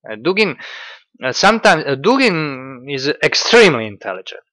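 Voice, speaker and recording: A man giving casual political commentary in a halting, sardonic way, full of fillers. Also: on the high side, big pitch swings, pushed and bright, no echo.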